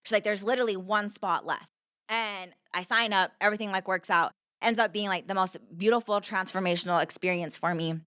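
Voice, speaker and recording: A woman's voice: medium pitch, steady tone, a little fast, a bit bright, no echo, studio quality. A young woman, a podcast guest, telling her story in an earnest, conversational way, repeating herself and filling with "like".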